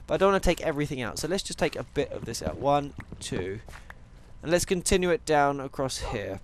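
A man's voice: on the high side, big pitch swings, a little fast, slight background noise. A man playing a video game and chatting to viewers, joking and going off on tangents as he plays. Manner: rambling, jokey, goes off on tangents; talks to viewers and animals in game. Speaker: gaming channel host. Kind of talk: Minecraft let's play commentary.

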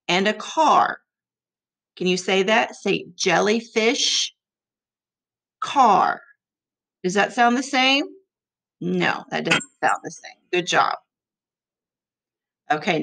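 A woman teacher leading a rhyming lesson for young children, encouraging them and repeating words slowly for them to echo. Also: mid-range voice, creaky, a bit bright.

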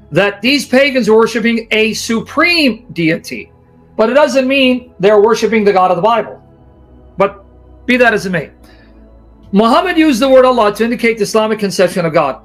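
A man's voice: sits high, fairly bright tone. A man giving a sarcastic, emphatic lecture as a Christian apologist, reacting to a video. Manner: sarcastic, then emphatic and teacherly.

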